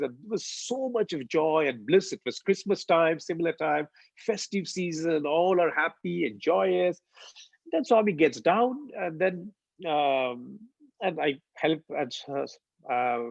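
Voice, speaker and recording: A man's voice: medium pitch, gravelly, no echo. A man, telling a devotional story with lots of uh and um fillers. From India. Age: 40s. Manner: animated retelling, frequent uh and um fillers. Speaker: devotional speaker. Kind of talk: personal storytelling testimony. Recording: dull lo-fi dry recording.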